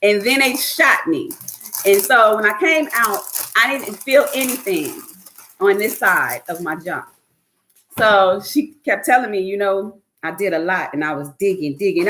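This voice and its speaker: Woman host, casual and profane, very lively pitch. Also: moderate pace. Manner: animated, profane, laughs often, mimics others. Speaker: podcast host. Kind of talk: casual storytelling chat.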